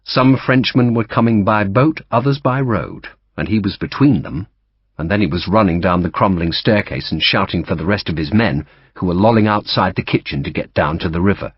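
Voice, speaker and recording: A man narrating an audiobook in a lively storytelling manner, giving each character a voice. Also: low voice, moderate pace, husky, dry recording. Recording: dull dry audiobook recording.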